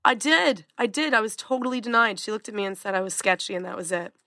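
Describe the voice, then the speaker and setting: A woman's voice: medium pitch, lively intonation, fast, sharp tone, dry recording. A woman psychotherapist co-hosting a podcast in casual chat, recovering from a cough, with dry humor.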